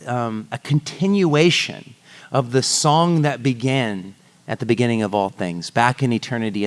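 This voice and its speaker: A male pastor giving a sermon at a church service, at a mid-range pitch typical for a man. He speaks in a conversational, self-interrupting way, breaking up serious points with light jokes. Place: church service before singing congregation.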